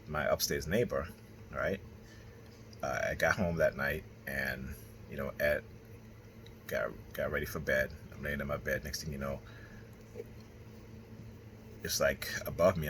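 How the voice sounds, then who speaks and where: Man with a super deep low voice, rambly vlog monologue, keeps going right? okay?, gets stern and loud on the points. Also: a little hiss or hum. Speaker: vlogger. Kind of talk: casual monologue to camera.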